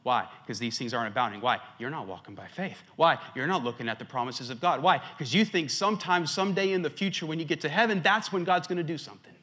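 A man pastor preaching a sermon, swinging between loud emphatic stretches and hushed ones, a little out of breath. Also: fairly high pitch, fast, hardly any pauses.

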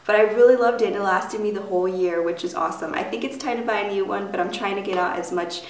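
Young woman rambling about makeup, raspy morning voice, lots of um and like, echoey room, mic kinda far. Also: medium pitch, fairly even intonation, quick pace. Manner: chatty, filler-heavy, rambling. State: raspy from just waking up. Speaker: beauty vlogger. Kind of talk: casual product review. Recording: echoey room, mic at a distance, faint noise.

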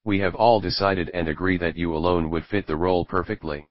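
A man's voice: low-pitched, steady tone, brisk, no echo, dull audio, close to an everyday voice. A man reading a fatherly old pirate captain.

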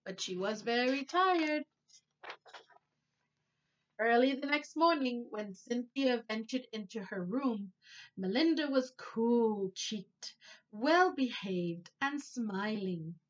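A woman teacher reading a storybook aloud to children, animated and expressive, with playful asides. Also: on the high side, slow. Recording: dull lo-fi recording.

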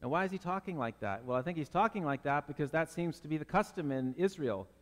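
Earnest pastor with a higher voice. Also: male voice, lively intonation, fast talker, long reverb tail. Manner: earnest, conversational, acts out Bible characters. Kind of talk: sermon.

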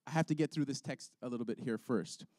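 A man leading a prayer and teaching children's ministry workers, telling stories in an earnest, animated way. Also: mid-range voice, fast talker, no room sound, studio quality. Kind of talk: prayer and teaching talk with storytelling.

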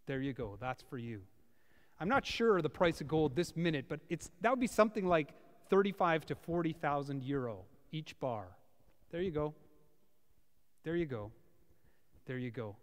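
Male pastor, sermon, dramatic delivery, very lively pitch, reverberant church hall. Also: moderate pace, long pauses. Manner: dramatic, swings from loud to hushed. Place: church, before about fifty people.

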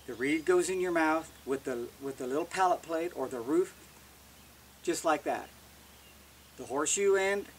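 A man's voice: a little high, distant mic, a little hiss or hum. A man giving a casual, plain-spoken how-to demonstration as an elk-calling instructor, often restarting words.

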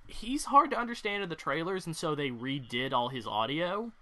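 A man's voice: on the high side, very animated, moderate pace, pushed and bright. A young man hosting a casual podcast, ranting with strong opinions and some swearing. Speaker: podcast host.

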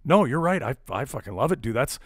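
A man's voice: medium pitch, big pitch swings, fast talker, no room sound, studio quality. A man quoting a bubbly young woman at a bar in a lifted, gushing voice.

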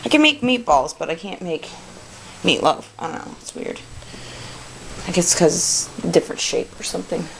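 Breathless young mom, noisy home recording. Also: female voice, fairly low pitch, fairly even intonation, moderate pace, gravelly, pauses often. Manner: rambling, sighing, mid-task while tidying. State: out of breath, panting. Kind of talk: casual home vlog chat. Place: child's bedroom at home.

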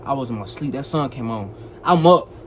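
A young man telling a personal story in a casual, animated way, full of slang and repeated phrases. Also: medium pitch, brisk, slight background noise, rough recording.

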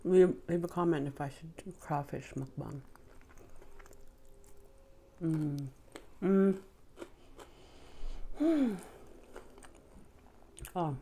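Speaking extremely slowly and pausing often, a middle-aged woman with a deep, warm voice and lively intonation chats casually while eating for her mukbang vlog. She hums between bites and throws in frequent mm-hmms, and there's a little hiss or hum in the audio.

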